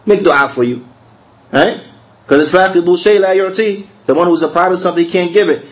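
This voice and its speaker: A man's voice: high voice, rough recording. Man teaching a conversational religious lesson. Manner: conversational, repeats key phrases, asks rhetorical questions; slows down to spell out recited verses.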